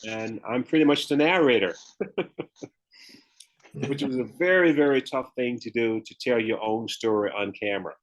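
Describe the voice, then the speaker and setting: A retired pro bodybuilder and author from Memphis, Tennessee, appears as a podcast guest, telling his story candidly and laughing often in a US Southern accent. He speaks at medium pitch and a moderate pace with long pauses, and the recording is rough.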